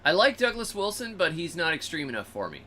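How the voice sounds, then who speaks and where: A man hosting a show, telling a story in a lively, swooping voice with a bright, forward edge. He breaks into funny character voices now and then. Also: on the high side, fast, a little hiss or hum. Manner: animated, acts out animals and people in funny voices. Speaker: host. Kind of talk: casual storytelling.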